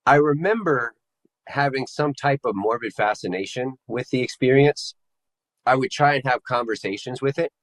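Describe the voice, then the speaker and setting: A man telling his personal story to an interviewer in a casual, halting way, searching for the right words. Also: medium pitch, low-quality recording. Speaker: interview guest. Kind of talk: personal testimony in casual conversation.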